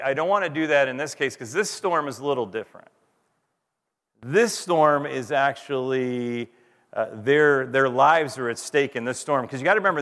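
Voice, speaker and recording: A man in his thirties preaching a conversational sermon as pastor, with dramatic pauses and gentle self-deprecating humor. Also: mid-range voice. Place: church sanctuary. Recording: long reverb of a large hall.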